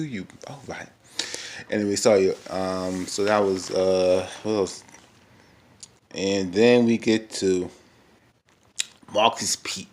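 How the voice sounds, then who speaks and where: A young man talks through last night's reality episode in a loose, rambling way, with lots of fillers and little acted-out quotes. His voice sits a bit low for a man. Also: steady tone, takes it slowly, long pauses, a little mellow. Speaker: episode recap vlogger. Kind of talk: casual reality TV recap.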